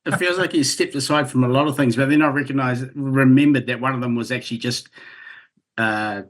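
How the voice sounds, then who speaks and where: A man's voice: mid-range voice, steady tone, brisk, fairly bright tone. A man with a New Zealand accent, a guest on a podcast, talking things through in a thoughtful, wry, rambling way. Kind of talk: casual chat.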